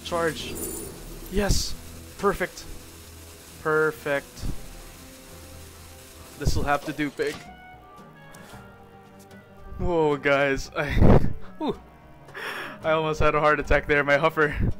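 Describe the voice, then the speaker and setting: High-voiced young man shouting over gameplay. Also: takes it slowly, pauses often. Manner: shouts and laughs in wild swings of excitement. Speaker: gaming video host. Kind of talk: excited live gameplay commentary. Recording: game music playing behind.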